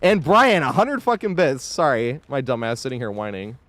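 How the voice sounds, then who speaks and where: A male game streamer talking live over his gameplay, his pitch jumping around a lot as he swears freely and breaks into laughter. His voice sits at an ordinary middle pitch, and he chats loosely with his viewers between moments of play. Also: sing-song, moderate pace, a bit bright, dry recording. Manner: chatty, thanks viewers while playing.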